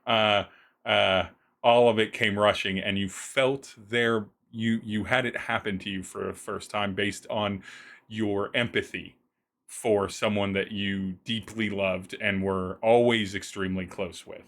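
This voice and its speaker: A man narrating a tabletop roleplaying game as game master, describing scenes in a halting way with many restarts. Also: on the low side, steady tone, a bit bright.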